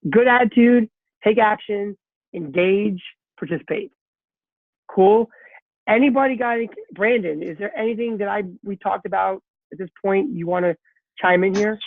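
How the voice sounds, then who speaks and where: A man's voice: high voice, normal speed, creaky, no room sound. A man as a sales coach leading a group conference call, giving a direct, repetitive pep talk. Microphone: conference call line. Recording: tinny phone-line call audio.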